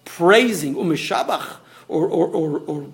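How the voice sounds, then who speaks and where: A rabbi leads a small Torah class in an echoey room. His voice sits high for a man and swings widely in pitch as he explains. He often restarts and tosses in asides. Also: a little slow, creaky. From Australia. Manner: animated, stop-start explaining with many restarts and asides.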